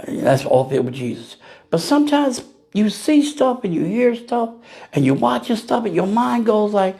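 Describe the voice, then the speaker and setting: Animated man ranting to camera. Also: extremely high pitch, normal speed. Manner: animated, ranting, full of rhetorical questions; laughs at his own jokes. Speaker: vlogger. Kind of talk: casual political rant.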